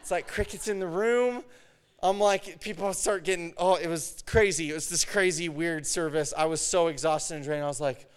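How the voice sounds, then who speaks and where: A male preacher with a fairly high, smooth and resonant voice tells a personal story in a sermon. He talks casually and acts out the dialogue with lively energy. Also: moderate pace. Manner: animated storytelling, acts out his own and God's words.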